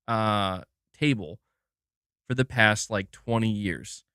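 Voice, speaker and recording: A man's voice: on the low side, slow, sharp tone, smooth, dry recording, studio quality. A man hosting a live gaming stream, talking casually and thinking aloud, with lots of restarts and the odd swear.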